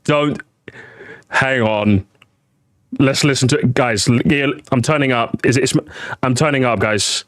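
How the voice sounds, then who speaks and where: A British man streaming live, reacting to videos and chatting to his viewers in a rambling, animated way. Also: medium pitch, measured pace, pauses often, dry recording, clean studio sound. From Britain. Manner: animated, chatty, repeats himself, addresses chat. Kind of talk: casual live-stream commentary.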